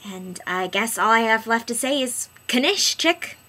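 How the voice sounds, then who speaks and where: A woman in her early twenties talking to camera in a casual vlog, chatty and animated, jumping between excited bursts and hushed asides. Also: on the high side, moderate pace, poor audio. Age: early 20s. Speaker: vlogger.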